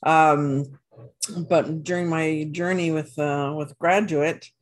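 A woman's voice: deep voice, fairly even intonation, slow pace. A woman guest on a podcast who answers at length with many fillers and restarts. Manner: rambling, frequent fillers and restarts. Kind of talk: casual interview chat.

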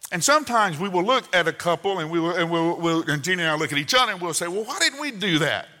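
A man in his sixties preaching a sermon, telling folksy family stories with sudden loud outbursts and soft asides. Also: a little high, quick pace. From Southern United States. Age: 60s. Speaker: pastor. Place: church sanctuary. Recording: long hall reverb.

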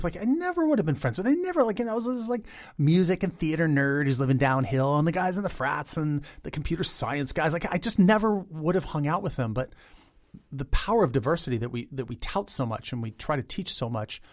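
A man in his fifties, a guest in an interview, talking in an animated, chatty way and imitating instruments with his voice. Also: a little high. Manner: chatty, many "like" fillers. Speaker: guest, a cappella arranger. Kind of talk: interview conversation.

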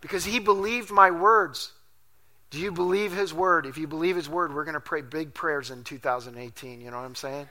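A man with a high, bright voice preaches at a church service. He tells stories in an animated, self-deprecating way and laughs often. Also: brisk. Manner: laughs often while talking. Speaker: pastor. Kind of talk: storytelling sermon.

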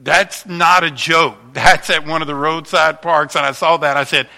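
Pastor in his fifties, casual storytelling sermon, sharp bright voice, fairly high. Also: steady tone, moderate pace, creaky. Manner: chatty, warm storytelling with frequent restarts.

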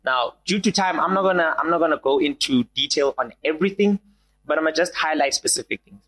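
Young man, sermon to a small group, fairly high voice, builds and repeats. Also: fast talker, low-quality recording. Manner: animated, repeats key lines, rises to shouts. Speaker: preacher.

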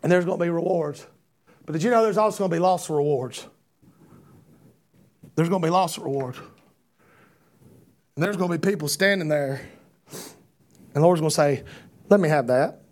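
A man preaching an impassioned sermon, repeating rhetorical questions and building to shouts. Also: fairly high pitch, moderate pace, long pauses.

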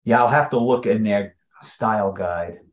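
A man's voice: on the low side, normal speed, dull audio. A man co-hosting a casual podcast chat, emphatic and critical in his opinions. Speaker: podcast co-host.

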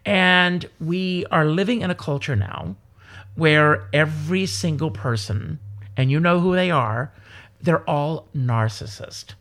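A man from South Carolina, a stage performer and guest, chatting casually and telling rambling, animated stories. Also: a little high, slow pace. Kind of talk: casual interview chat.

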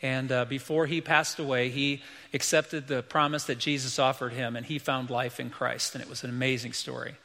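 A man's voice: medium pitch, flat delivery, normal speed, creaky, sharp tone, in a large hall. A middle-aged man preaching a sermon as pastor, emphatic and repeating key lines, acting out quoted voices.

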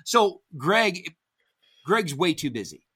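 A middle-aged man telling hunting stories as a podcast guest, casual and animated, acting out quoted dialogue with big jumps in pitch. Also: takes it slowly, breathy edge. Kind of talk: casual storytelling.

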